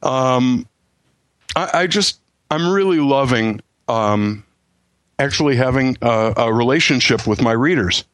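A man's voice: mid-range voice, lively intonation, a little slow, a bit bright, dry recording. A man talking as a guest author on a podcast, enthusiastic and full of stammering restarts. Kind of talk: casual podcast chat.

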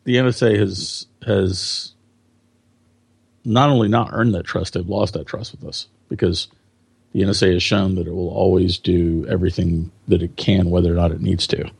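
A man's voice: low voice, fairly even intonation, moderate pace, vocal fry, darkish tone, breathy edge, dry recording. A man co-hosting a tech podcast, giving opinionated, emphatic comments. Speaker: podcast co-host. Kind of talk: casual tech podcast talk.

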